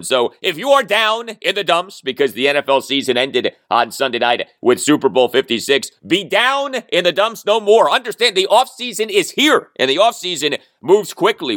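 A man hosting a sports podcast, talking solo with emphatic, animated delivery and sardonic asides. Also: fairly high pitch, moderate pace, few pauses, no echo, clean studio sound. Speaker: podcast host. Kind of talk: sports talk podcast monologue.

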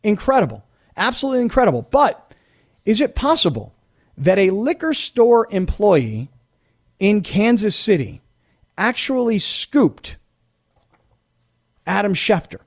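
A man hosting sports talk radio, telling stories in an animated, chatty way. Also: high-pitched, a little slow, long pauses. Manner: animated, storytelling, mock voices.

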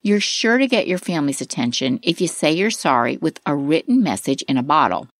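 A middle-aged woman reads a parenting course script in a lower voice with a lively, rising-and-falling melody. Her advice comes across clear and expressive, recorded close and dry with no room sound. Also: a little fast, no room sound. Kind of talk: scripted instructional narration.

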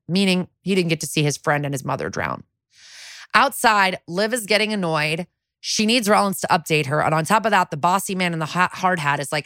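Low-voiced woman recapping a TV episode. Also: lively intonation, fairly bright tone, no room sound, studio quality. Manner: chatty, acts out quotes in quick voices. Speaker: podcast co-host.

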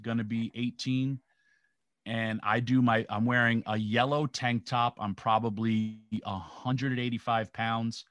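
A middle-aged man from New York with a fairly low voice tells long, rambling stories about his start in wrestling, slipping into the voices of the people he quotes. The sound is dry and close, with no room around it. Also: a bit bright, dry recording. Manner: rambling anecdotal, acts out quotes. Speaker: guest, former pro wrestler. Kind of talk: casual storytelling interview.

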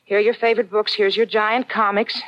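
A woman's voice: mid-range voice, flat delivery, a little fast, highs cut off, very noisy, lightly acted. An actress playing an anxious, doting young woman who also narrates, in a 1940s radio comedy. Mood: fretful. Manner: fretful, doting.

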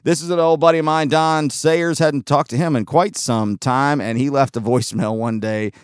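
A male podcast host chatting casually, rambling and trailing off into fillers with easy laughs. His voice is smooth and resonant at a middle pitch. The sound is close and dry. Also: fairly even intonation, normal speed, no room sound. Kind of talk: casual chat.

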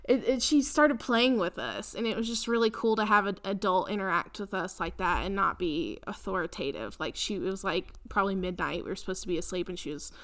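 A woman's voice: medium pitch, a little fast, few pauses, a bit bright. A young woman, co-hosting a podcast in casual chat, rambling with lots of fillers and frequent laughter. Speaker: podcast co-host.

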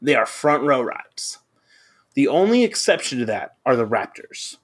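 Young adult male podcast co-host, mid-pitched, loose and profane, rambling storyteller. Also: sing-song, a little slow, slightly rough. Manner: rambling anecdote-telling, heavy on fillers and swearing. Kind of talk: casual chat.

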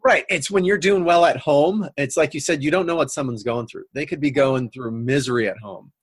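A man guest on a coaching talk show, calmly explaining his personal philosophy like a trainer. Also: a little high, brisk, slightly rough, no echo. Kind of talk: conversational interview.

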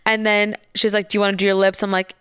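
A woman's voice: mid-range voice, level tone, fast talker, fairly bright tone, smooth, no room sound, clean studio sound. A young woman telling a candid story in a casual, chatty way, swearing and laughing as she goes.

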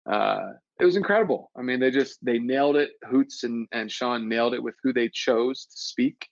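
A man's voice: mid-range voice, normal speed, creaky, dry recording, highs cut off. A man talking earnestly and reflectively in a casual chat, often restarting his sentences. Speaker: podcast guest, former player.

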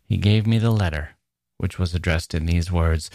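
A man reading a classic novel aloud as an audiobook narrator, in a measured, steady storytelling manner. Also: deep voice, no room sound, clean studio sound. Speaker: audiobook reader.

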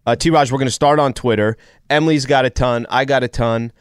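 Smooth-voiced male radio co-host. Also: mid-range voice, fairly even intonation, brisk, no room sound, studio quality. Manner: easygoing, reads listener questions aloud. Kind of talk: casual sports talk radio. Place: radio studio. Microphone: studio microphone.

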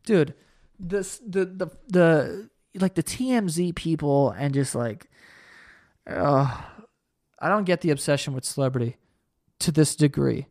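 A young man hosts a solo podcast and rants heatedly, swearing freely and turning sarcastic. His voice sits a little higher than most men's. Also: unhurried, a little mellow, no room sound, studio quality. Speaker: podcast host.

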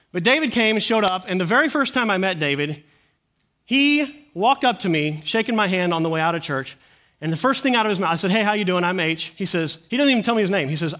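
A man's voice: high-pitched, animated, quick pace, a bit bright. A middle-aged man preaching a sermon in church, earnestly telling stories and quoting the people in them. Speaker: pastor.

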